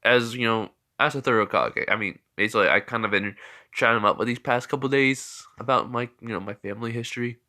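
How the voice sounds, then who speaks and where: A man's voice: mid-range voice, quick pace, pushed and bright. A man narrating an improvised fan story casually, rambling with many fillers and restarts.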